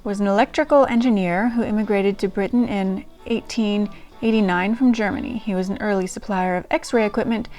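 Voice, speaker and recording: A diary-reading channel host chats to camera in a casual, self-deprecating way, often restarting and saying um. She speaks fairly quickly with few pauses, in a steady, medium-pitched, darkish voice, with faint music in the background.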